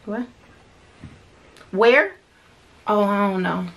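A woman's voice: mid-range voice, expressive, drawn-out words, a bit bright. A woman, a mother, chatting casually and teasing her daughter while eating on camera, often breaking into giggles. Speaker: mother co-hosting a mukbang.

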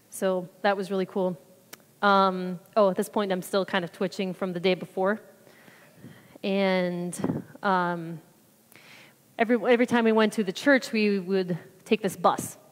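A woman giving a chatty, rambling mission trip report at church, acting out what people said. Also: mid-range voice. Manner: chatty, rambling, acts out quotes. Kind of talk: casual testimony talk. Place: church sanctuary. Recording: reverberant hall.

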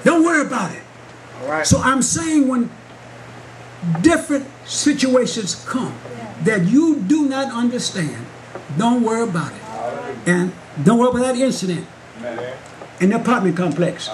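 A man preaching a Pentecostal sermon at a Bible study, telling a story and rising into shouts with call-and-response. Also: very high voice, big pitch swings, normal speed, long pauses, crowd noise. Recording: congregation noise in a church hall. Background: congregation responding.

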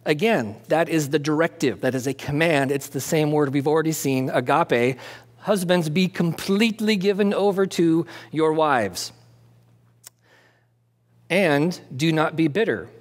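Animated man preaching in an echoing hall. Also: fairly high pitch, a little slow. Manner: conversational and animated, asking and answering his own questions; jokey asides. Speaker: pastor. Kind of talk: expository sermon. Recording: long hall reverb.

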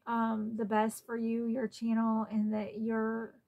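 A woman's voice: on the high side, completely flat delivery, slow pace, gravelly, narrow, tinny audio. A woman hosting a casual unboxing vlog at home, chatty and openly emotional, close to tears at times. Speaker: collector channel host.

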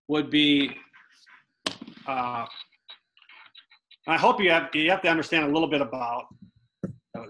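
A man's voice: fairly high pitch, rough recording. A middle-aged man casually telling baseball stories in an interview, acting out the quotes he tells. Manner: animated storyteller who acts out quotes with swearing.

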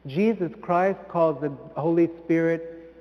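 A priest giving a sermon in an earnest way, rising to emphatic peaks and then dropping soft. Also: male voice, fairly high pitch, measured pace, big-room sound, muffled recording. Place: church.

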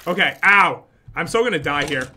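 A chatty gamer trades jokes and quick reactions while playing alongside a partner. The voice sits at a middling pitch with a bright, forward tone. It is casual gameplay commentary with faint background noise. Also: animated. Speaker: gamer co-host.

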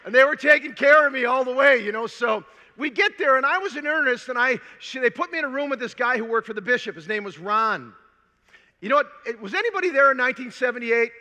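An older man from Minnesota giving a conference talk, telling a personal story in an animated, humorous way before a large audience. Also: very high-pitched, fast. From Minnesota, USA. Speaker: conference speaker. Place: large hall. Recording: long hall reverb.

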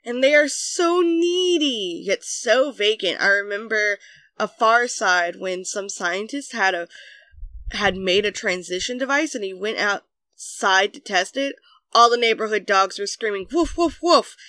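A narrator reading online comments aloud in a deadpan way with sudden bursts. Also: mid-range voice, unhurried, dry recording. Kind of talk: scripted narration.

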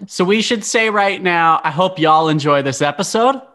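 A young man from Utah hosting a casual podcast, his voice sitting a little high for a man. He talks in a friendly, upbeat way, full of small fillers and restarts. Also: moderate pace, pushed and bright. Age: young adult. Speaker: podcast host. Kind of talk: casual podcast chat and episode intro.

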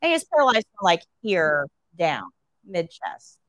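Woman nursing teacher, storytelling to a class, swooping lively pitch, rhetorical questions. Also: moderate pace, no echo, rough recording. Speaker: nursing instructor.

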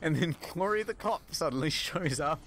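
A young man retelling a video game's story as comedy, mocking the plot and voicing its characters in quick snippets. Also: fairly high pitch, expressive, music in the background. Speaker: comedic game recapper.

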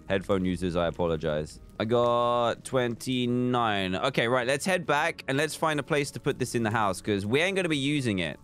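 A young man giving casual, animated commentary while playing a video game. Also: mid-range voice. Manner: animated, swings into panicked exclamations. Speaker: gaming YouTuber. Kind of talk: casual let's-play commentary.

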